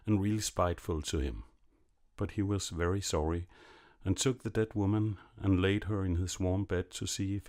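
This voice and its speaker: A man narrating a classic fairy tale in a measured, expressive reading. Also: sits low. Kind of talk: storybook narration.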